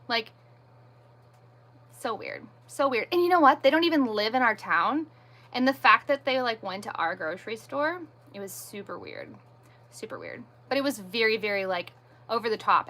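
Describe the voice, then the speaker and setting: A woman's voice: on the high side, bright, forceful tone. A woman hosting a casual livestream, venting emphatically and repeating herself, with frequent "like". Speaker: livestream host.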